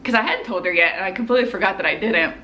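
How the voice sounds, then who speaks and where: A young woman in her twenties, a medical student, telling a personal story to camera in an animated, chatty way, full of "like" fillers. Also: mid-range voice, rapid-fire, muffled recording, a little hiss or hum.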